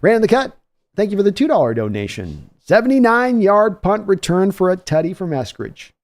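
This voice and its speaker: A man's voice: high voice, very animated, a little fast. A man hosting a live stream, giving casual play-by-play commentary and chatting with viewers between plays. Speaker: livestream host giving play-by-play reaction.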